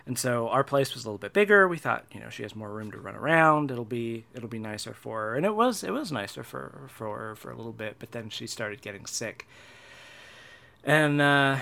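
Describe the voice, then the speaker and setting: A young man in a casual personal monologue, halting with many restarts and fillers, and a wry, dark humor. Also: medium pitch, animated, creaky. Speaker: vlogger.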